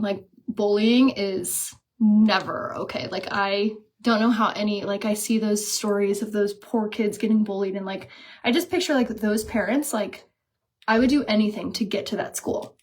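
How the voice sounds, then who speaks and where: A woman in her thirties, a makeup vlogger, chatting casually and telling a story while she does her makeup, with lots of "like" fillers and quoted dialogue. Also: mid-range voice.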